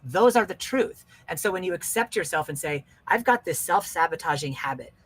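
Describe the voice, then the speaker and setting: A man's voice: fairly high pitch, lively intonation, fairly quick, fairly bright tone, breathy edge. A man hosting a wellness podcast, talking in an earnest, emphatic coaching way and repeating his key phrases.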